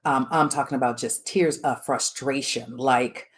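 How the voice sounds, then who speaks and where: A woman's voice: very deep voice, steady tone, a little slow. A middle-aged woman giving a live workshop talk, frank and emphatic, with many fillers and restarts. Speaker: workshop speaker on the chief of staff role.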